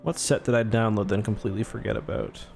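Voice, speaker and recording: A man's voice: on the low side, fairly even intonation, fast talker, gravelly, a little mellow. Young male streamer, rambling casual chat over faint music. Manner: chatty, rambling, thanks viewers. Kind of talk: casual gameplay livestream.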